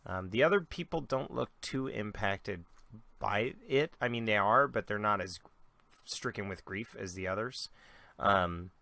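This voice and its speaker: Bright-voiced young man running a game. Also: lowish voice, unhurried, vocal fry, no echo. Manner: relaxed, loose storytelling with many fillers. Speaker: dungeon master. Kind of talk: narrating a tabletop game.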